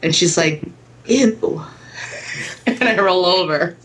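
A woman's voice: fairly low pitch, slow, a bit bright, poor audio. Chatty woman telling a family story. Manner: swears freely, acts out family dialogue. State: sick. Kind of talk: casual storytelling chat.

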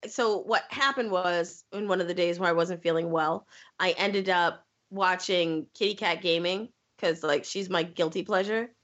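A woman's voice: fairly low pitch, normal speed, fairly bright tone, dull audio. A woman hosting a podcast, chatting casually in a playful way and laughing often. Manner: giggly, playful, lots of laughing. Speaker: podcast host.

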